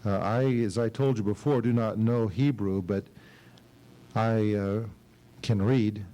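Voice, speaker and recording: A man's voice: on the low side, a little slow, mellow, poor audio. A middle-aged male pastor preaching an expository sermon at a church service, reading scripture dramatically and asking his class questions.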